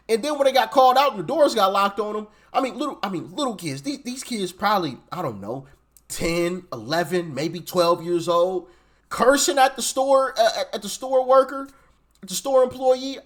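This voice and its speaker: A man's voice: very high-pitched, brisk, a bit bright. A man hosting a reaction video, speaking emphatically, repeating phrases and tagging sentences with "right?". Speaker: commentary host. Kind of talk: reaction commentary.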